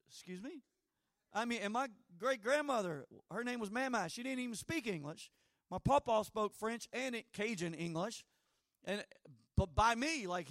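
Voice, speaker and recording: Recorded cleanly in a studio with no echo, a middle-aged man with a high voice preaches a sermon built on personal stories, acting out their dialogue and adding animated asides.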